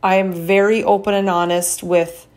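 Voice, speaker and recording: A woman chiropractor hosting a casual solo podcast, talking frankly and swinging her pitch up and down to demonstrate different tones of voice. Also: flat delivery, moderate pace, darkish tone.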